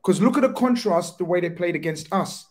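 A man, a football podcast panelist talking in blunt, sweary, animated banter. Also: high voice, a little fast. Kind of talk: casual chat.

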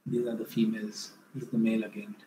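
A man's voice: fairly low pitch, fast. Man giving a hesitant slide talk. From India. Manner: hesitant, self-correcting, animated when retelling a story. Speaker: wildlife photographer presenting slides. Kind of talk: illustrated talk. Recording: echoey room, faint background noise.

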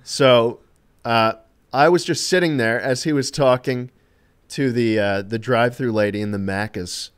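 A man with a mid-pitched, everyday voice tells funny stories on a live gaming stream. His delivery is rambling and amused, full of "uh"s, "like"s and the occasional swear. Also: unhurried, hardly any pauses, clear, resonant tone. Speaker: streamer and co-host. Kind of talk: casual storytelling chat on a live stream.

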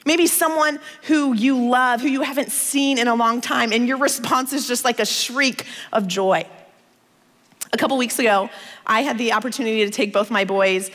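A woman in her thirties from the United States, preaching a sermon in a conversational, expressive storytelling manner. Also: a little high, moderate pace, big-room sound.

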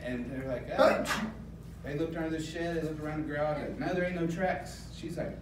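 A man's voice: a little high, brisk, far from the mic. A man doing a crude, loose stand-up comedy set on a club stage, laughing at his own jokes. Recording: echoey club with crowd noise. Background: audience laughter.

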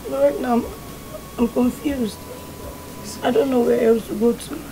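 A woman's voice: fairly high pitch, fairly even intonation, normal speed, background noise, close to an everyday voice. A woman playing a tearful young Nigerian orphan. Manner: pleading, tearful, soft. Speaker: orphaned house girl. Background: film score music.

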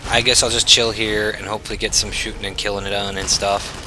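A man's voice: fairly low pitch, level tone, quick pace, noisy background. A man casually commenting on his own gameplay as a channel host, chatty and self-mocking, swearing freely.

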